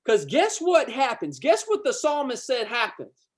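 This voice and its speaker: A man preaching a livestreamed sermon, fervent and repetitive, rising to loud declarations and dropping to chatty asides. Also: very high-pitched, wildly swooping pitch, unhurried. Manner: fervent, repetitive, swells loud then drops to casual asides.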